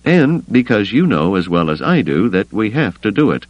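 A stubborn, worried smuggler pilot, as the male narrator puts him on, blunt and brooding. The voice is deep with a lively, swinging delivery and a dry, close studio sound. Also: moderate pace, dry recording, lo-fi sound. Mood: earnest.

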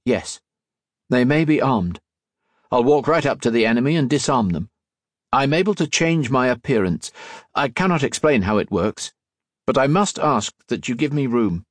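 A man voicing a calm young male infiltrator, earnest and polite. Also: mid-range voice, moderate pace, dry recording, studio quality, voice pushed up, lightly acted.

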